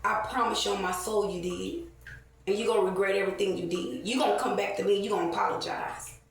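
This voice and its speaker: A woman's voice: mid-range voice, steady tone, quick pace, vocal fry, soft background music. A woman, telling a heated, profane story to camera with many fillers. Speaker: vlogger. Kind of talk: casual rant to camera. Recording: very echoey, distant, faint ambient noise.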